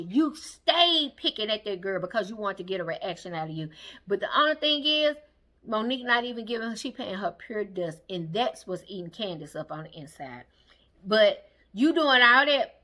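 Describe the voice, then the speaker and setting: A woman speaking AAVE gives a blunt, sassy casual recap of a reality show, acting out the cast in quick quotes. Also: fairly high pitch, lively intonation, pushed and bright.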